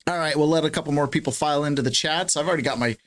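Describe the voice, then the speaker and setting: A man's voice: a little high, very fast. A man hosting a casual morning podcast, chatty and laughing, rambling with restarts, with the hiccups today. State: has the hiccups. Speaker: podcast host.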